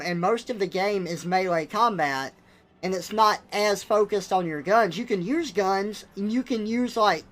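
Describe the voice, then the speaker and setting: Sex: man. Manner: exasperated, blunt. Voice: bright. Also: high-pitched. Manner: blunt, exasperated ranting with swearing. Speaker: livestreamer. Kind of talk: casual live-stream rant.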